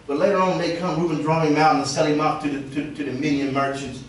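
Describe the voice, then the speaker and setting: A man preaching a sermon, telling lively stories and drawing responses from the congregation. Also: fairly high pitch, fast talker, slight background noise. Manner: animated storytelling with call and response. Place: church sanctuary. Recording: distant echoey church recording.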